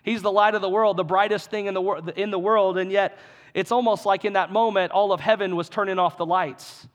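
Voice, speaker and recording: A man with a fairly high-pitched voice delivers a sermon. He talks in an earnest, conversational way and often restarts and repeats phrases for emphasis. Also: fairly even intonation, fairly quick. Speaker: pastor.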